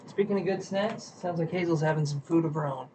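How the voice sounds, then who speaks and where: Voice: medium pitch, fairly quick, background noise. A tarot reader chatting casually on a live stream while shuffling cards, sleepy and yawning, greeting viewers and a pet.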